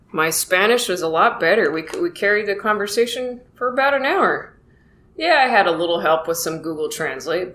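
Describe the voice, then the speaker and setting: A woman's voice: lowish voice, a bit bright. Chatty woman in an echoey room. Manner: chatty, self-deprecating, acts out quoted exchanges. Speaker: comedian podcast host. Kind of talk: casual rambling monologue. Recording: echoey room with faint noise.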